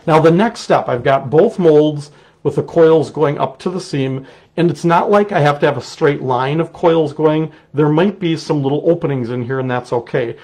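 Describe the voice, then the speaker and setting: Man, Wisconsin accent, middle-aged, gravelly, relaxed, chatty craft demo. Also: on the high side, normal speed. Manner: relaxed, chatty, explains while working. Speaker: clay artist teaching a technique. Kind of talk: casual live demonstration.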